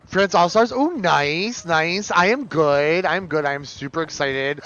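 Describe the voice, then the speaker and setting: A man streaming live, chatting casually and campily with his viewers while he plays, his pitch jumping up for excited bursts. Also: moderate pace, a little hiss or hum. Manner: chatty and campy, reading chat aloud, swinging pitch. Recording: dull lo-fi stream audio.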